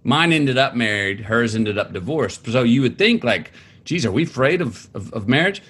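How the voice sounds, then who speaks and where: Husky man telling animated family stories. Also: mid-range voice. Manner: halting, many restarts, animated quoting of family. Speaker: interview guest, author. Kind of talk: conversational storytelling.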